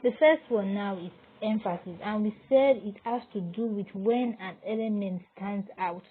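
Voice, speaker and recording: A woman's voice: mid-range voice, normal speed, breathy edge. A woman teaching graphic design, explaining step by step as she works on screen. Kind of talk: screen-recorded tutorial. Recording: tinny, phone-like audio with faint noise.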